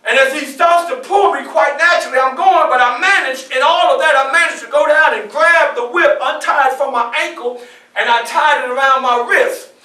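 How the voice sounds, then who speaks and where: A man performing as Frederick Douglass, telling his story in the first person with animated, often shouted storytelling to a live audience. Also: very high voice, normal speed, distant mic. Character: Frederick Douglass, a defiant young man escaping slavery. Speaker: historical portrayer. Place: public library event room. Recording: echoey room, mic from afar.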